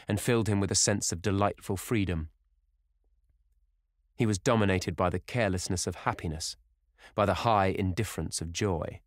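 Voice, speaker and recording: Male narrator, low voice, measured reading, dry close recording. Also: no room sound. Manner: measured, even storytelling. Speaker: audiobook narrator. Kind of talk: scripted narration of a novel.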